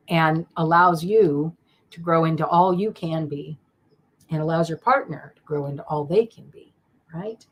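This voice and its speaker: Her voice sits low and unhurried as she does live-stream tarot readings. Warm toward her viewers, she rambles, laughs a lot, and frequently gets emotional.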